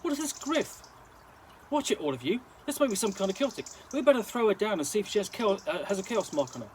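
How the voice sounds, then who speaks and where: A man doing a gruff, suspicious gang boss. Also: high voice, big pitch swings, fast talker, a little mellow, a little hiss or hum, voice pushed up. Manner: blustering, suspicious.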